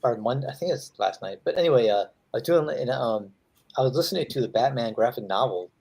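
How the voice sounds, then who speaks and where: A man's voice: medium pitch, expressive, fast talker, creaky, darkish tone, husky. A man who draws comics, chatting casually with friends and telling rambling anecdotes, acting out the quotes. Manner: rambling storyteller, acts out quotes. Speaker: comic artist, host. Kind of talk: casual chat.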